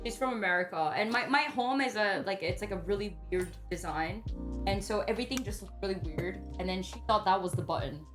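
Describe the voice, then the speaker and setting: A woman's voice: medium pitch, a little fast. A young woman chatting on a livestream, giggly and chatty, trying out phrases from others. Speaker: streamer. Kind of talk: casual chat on a livestream. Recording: music clearly behind.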